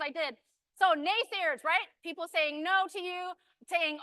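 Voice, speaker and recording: A woman giving an energetic, emphatic motivational speech on stage, hurrying through her points and rallying the audience. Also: extremely high pitch, normal speed, dry recording. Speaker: motivational speaker at a business event.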